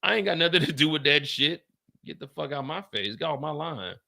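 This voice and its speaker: A man in his late thirties hosting a livestream, telling a story in a casual, animated and profane way and talking straight to his chat. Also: a little high, a little fast, creaky. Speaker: livestream host.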